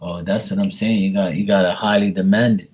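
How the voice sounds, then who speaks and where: A man's voice: deep voice, fairly even intonation, fairly quick, darkish tone, breathy edge. A man chatting casually on a live stream, giving tarot readings for viewers' paid questions. He rambles loosely and bluntly, swears freely, and leans on fillers and restarts.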